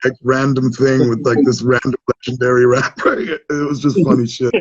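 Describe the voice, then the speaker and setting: A man's voice: mid-range voice, little pitch movement, normal speed, breathy edge, no echo, highs cut off. A man with an Irish accent telling a profane, laid-back story as a guest in a casual chat.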